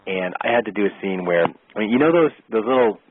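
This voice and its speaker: Husky-voiced man telling a story over the phone. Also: fairly low pitch, fast, no room sound. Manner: lively storyteller who acts out quoted exchanges. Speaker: actor and interview guest. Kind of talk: casual storytelling anecdote. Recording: tinny phone-line sound, dry.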